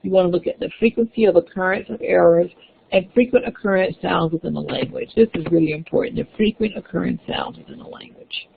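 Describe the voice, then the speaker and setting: Talking at a quick pace, a woman instructor with a low-ish, gravelly voice lectures a class step by step, with frequent restarts and fillers. The lecture recording is tinny and phone-like.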